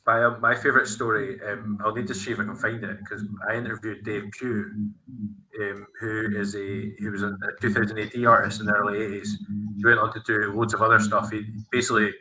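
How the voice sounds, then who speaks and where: A man's voice: lowish voice, little pitch movement, a little fast, sharp tone, slight background noise, poor audio. A man hosting a podcast, chatting casually and rambling through stories with many fillers and restarts. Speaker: podcast host. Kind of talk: casual chat.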